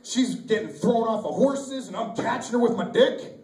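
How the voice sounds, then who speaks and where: A man performing a loose, crude stand-up routine, loud and animated, shouting out voices for the bits. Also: very high voice, moderate pace. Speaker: stand-up comedian. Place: small venue with live audience. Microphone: camcorder from far off. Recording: echoey amateur video from a distance.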